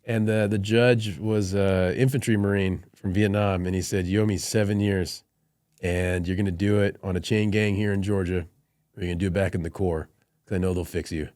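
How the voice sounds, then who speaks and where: A man's voice: low voice, fairly even intonation, a little fast, darkish tone, no echo, clean studio sound. A middle-aged man, a Marine colonel, telling stories in a podcast conversation and laughing through his anecdotes.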